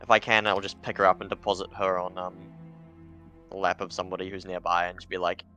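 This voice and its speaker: A man with a low, forceful, bright voice talks in a measured, wry way at a game table. Faint music sits behind him. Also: flat delivery. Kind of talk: casual table chat.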